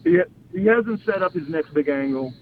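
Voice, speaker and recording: A middle-aged man and former pro wrestler telling excited stories as an interview guest, stumbling over restarts and acting out quotes. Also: a little high, moderate pace. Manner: excited, repeats words and restarts, acts out quotes. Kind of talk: animated storytelling in an interview. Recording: phone-like line with faint hiss.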